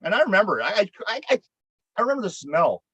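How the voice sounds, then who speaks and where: High-voiced profane storyteller man. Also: very animated, fast, bright, forceful tone, slightly rough, no room sound, muffled recording. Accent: Pittsburgh. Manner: rambling, profane, repeats words when worked up. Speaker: podcast co-host. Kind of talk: casual storytelling chat.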